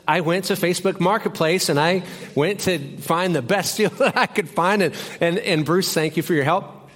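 A young man preaching a sermon as pastor in a church, telling stories in an animated way and acting out both sides. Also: high-pitched, normal speed. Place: church sanctuary.

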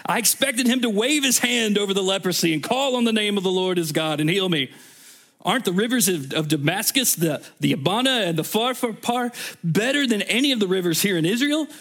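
A man's voice: a little high, expressive, fast talker, few pauses, a little mellow. A man voicing a proud, indignant foreign army commander in a raised, offended voice. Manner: offended, huffy.

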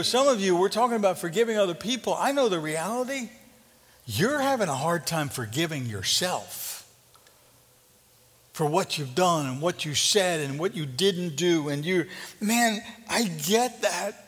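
A man preaching a sermon as pastor, conversational and earnest, dropping to a hushed intensity. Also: high-pitched. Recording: reverberant hall.

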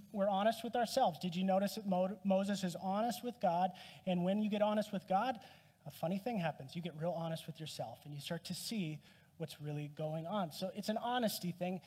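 Husky high-voiced pastor preaching in a hall. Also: male voice, a little mellow. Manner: conversational, self-deprecating humor. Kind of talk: sermon. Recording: long reverb from a hall.

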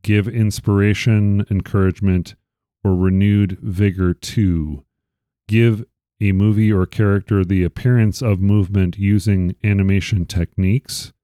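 Podcast host guy, warm mellow low voice, dry close sound. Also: steady tone, dry recording. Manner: reads definitions out deliberately. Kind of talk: casual interview chat.

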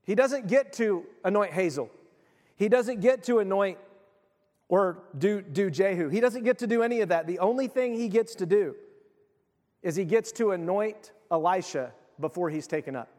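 A man's voice: sits high, moderate pace, long reverb tail. A male pastor giving a sermon in a loose, conversational way, often restarting his sentences. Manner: conversational, animated preaching with frequent restarts.

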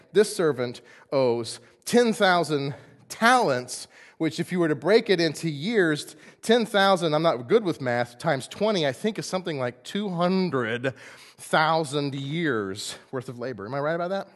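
Pastor guy preaching, lively swoopy voice, kinda high, big echo in the sanctuary. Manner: animated, playful, acts out quotes in voices. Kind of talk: sermon. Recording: long hall reverb.

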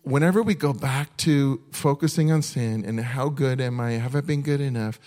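A man preaching a sermon at a mid-range pitch, earnest and conversational. He often restarts his sentences as he talks, and he slows right down to read a list one item at a time. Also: darkish tone. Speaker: pastor.

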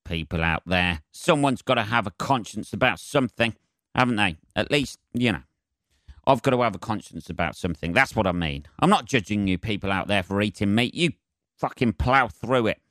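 A man's voice: on the low side, lively intonation, moderate pace, a bit bright, no echo, studio quality. A young man hosting a rambling solo podcast, chatty, sweary and self-mocking. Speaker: podcast host.

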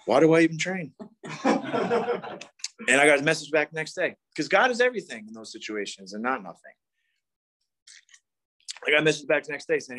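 A man's voice: a little high, big pitch swings, moderate pace, long pauses, a bit bright. A man in his thirties telling a rambling, profane story at a recovery meeting. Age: 30s. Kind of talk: casual storytelling talk.

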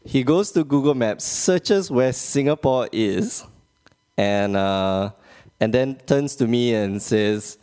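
A man's voice: medium pitch, lively intonation, slow, a little mellow, clean tone. Joking Malaysian-born podcast host, man. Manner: joking, rambling, laughs often. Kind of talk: casual podcast chat.

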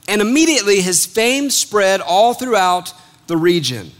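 In a high-pitched voice and at a measured pace, this preacher reads from scripture and explains it. His sermon is animated and conversational, with jokes aimed at his congregation.

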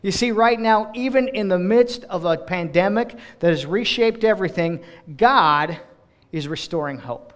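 The sermon comes from a U.S. man who directs global partnerships, addressing a church congregation. He sounds slightly high-pitched and delivers expressively, often restarting his sentences quickly.

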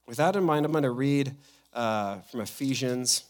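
A man, a pastor, preaching a sermon and telling a personal story in an animated way, often acting out what others said. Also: medium pitch, normal speed.

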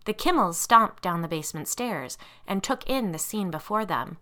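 A woman reads a scary children's story aloud with expressive storytelling. Her voice is bright and clear, and her pitch rises and falls with the tension. Her usual register sits fairly low. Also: normal speed. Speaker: narrator. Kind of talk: scripted story narration.

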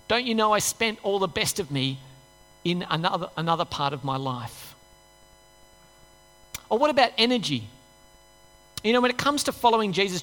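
Male pastor, high bright voice, conversational sermon in a reverberant hall. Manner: conversational, acts out inner voices, rhetorical questions.

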